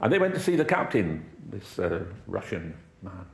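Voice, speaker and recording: Middle-aged male preacher from Wales, low voice, chatty anecdotal sermon, echoey church. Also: sing-song, normal speed. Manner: conversational, anecdotal with chuckles and acted quotes. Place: church hall.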